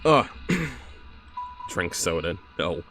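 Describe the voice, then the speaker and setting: Young guy streaming a game, bouncy pitch, reads stuff out and cracks up a lot. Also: very animated, very slow, over music. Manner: laughs often, chatty, swears casually. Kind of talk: casual game stream commentary and reading aloud.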